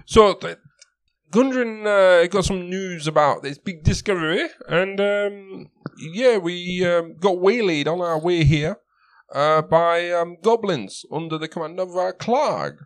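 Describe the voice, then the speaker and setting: A man's voice: high-pitched, voice pushed up. A man voicing a flustered male knight who stammers and halts. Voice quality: halting, stammering.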